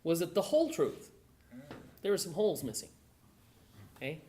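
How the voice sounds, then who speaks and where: Lively woman presenter addressing a group. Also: on the low side, moderate pace, slight background noise. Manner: animated, acts out conversations, asks the audience questions. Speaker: presenter at a gun owners' meeting. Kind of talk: live talk to a group.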